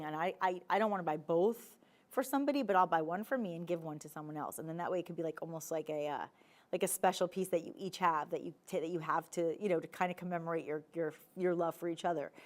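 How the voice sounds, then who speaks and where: A woman with a New Jersey accent hosting a live TV shopping show, pitching jewelry in a chatty, animated sales patter. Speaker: shopping channel host. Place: TV studio.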